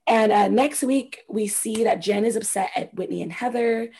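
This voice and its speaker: Husky girl spilling reality tv tea, kinda high voice, super animated. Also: normal speed. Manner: animated, swearing, acts out quotes with loud squeals. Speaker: podcast co-host recapping reality TV. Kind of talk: casual chat.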